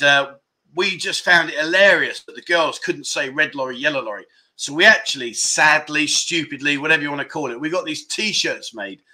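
His pitch is fairly high and his tone bright and forceful. He's a British man in his fifties hosting an informal livestream chat show, rambling, cracking jokes, and throwing in asides as he reads comments from viewers.

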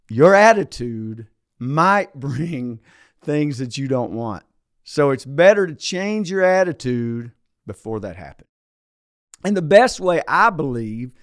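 Guy preacher chatting easy, tells a joke story, dry close sound, middle pitch. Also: dry recording. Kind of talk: casual devotional talk.

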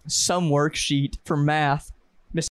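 A young man telling stories in a casual chat, animated and acting out the people in them. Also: on the high side, slow, smooth, no echo, studio quality. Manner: animated storytelling, acts out voices.

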